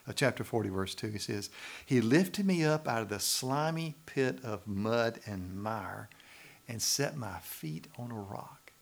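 A pastor from Macon, Georgia, in the US South, preaches a sermon with a Southern US accent in a lowish voice with vocal fry. His style is conversational and pleading, and he often asks the audience questions.

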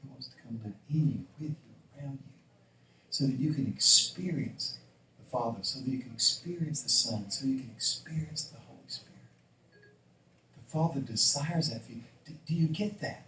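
A man's voice: medium pitch, moderate pace, a little hiss or hum. Man, preacher, sermon, acts out dialogue, echoey room, heard from a distance. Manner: animated, acts out dialogue in changing voices. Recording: roomy echo, voice from off-mic.

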